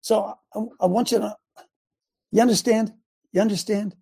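An older male talk show host with a gravelly, husky voice. He speaks with loud, emphatic passion and drives his points home by repeating them. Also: high-pitched, fairly even intonation, moderate pace. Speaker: show host and former football coach. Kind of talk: impassioned talk show monologue.

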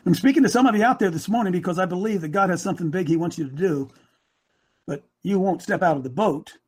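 A man in his sixties preaches with a strikingly high voice. He grows emotional, hammers phrases over and over and builds to shouts. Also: fast talker, breathy edge. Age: 60s. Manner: repeats phrases for emphasis. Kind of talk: sermon.

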